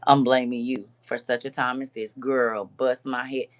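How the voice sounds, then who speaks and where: Puffy-eyed from crying, a woman with a very deep voice hosts a live stream at normal speed. She chats expressively with her audience, calling them "girl" and "honey."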